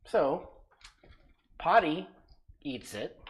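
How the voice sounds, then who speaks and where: Lively woman recapping a tabletop game. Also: deep voice, drawn-out words, rough recording. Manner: lively, animated storytelling with quoted voices. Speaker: game master. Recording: live stream with faint background noise.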